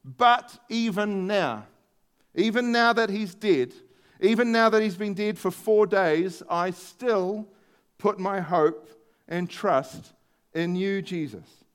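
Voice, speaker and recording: A preacher voicing a grieving woman who still holds on to her faith, speaking slowly and with emphasis. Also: high-pitched, clear, resonant tone. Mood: pleading. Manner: slow, emphatic and raised.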